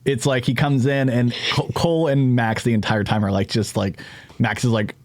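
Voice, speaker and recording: A man's voice: mid-range voice, fairly even intonation, normal speed, dry recording. A man hosting a podcast, rambling through jokey, profane casual chat. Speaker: podcast host.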